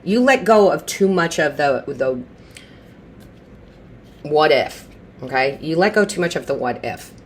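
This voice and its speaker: Low-voiced woman reading tarot. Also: animated, unhurried, pauses often, slight background noise. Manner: reassuring, repeats phrases for emphasis; chatty, restarts mid-sentence. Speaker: tarot reader.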